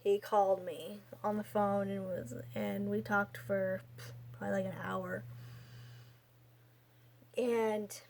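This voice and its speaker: A woman's voice: medium pitch, flat delivery, takes it slowly, creaky, long pauses, darkish tone, slight background noise. A young woman in her twenties telling a personal story in a casual, rambling vlog style, full of fillers and restarts. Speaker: vlogger.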